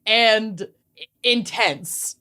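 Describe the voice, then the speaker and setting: A woman co-hosts a podcast in relaxed, casual chat, speaking at an unhurried pace. She jokes around and sometimes drops into low, quiet mumbles. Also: clean tone. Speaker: podcast co-host.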